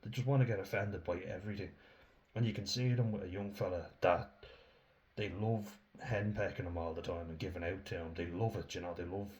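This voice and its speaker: A man's voice: deep voice, steady tone, a little fast, a little mellow, dull audio. A young Irish man from Dublin ranting casually to camera, blunt, swearing freely and laughing as he rambles.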